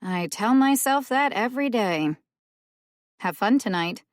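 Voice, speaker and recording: A woman voicing a cheeky, scheming young woman who teases her older sister with a bright, high voice in an audiobook. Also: expressive, measured pace, dry recording, clean studio sound. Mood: teasing. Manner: bright, teasing, pitched high.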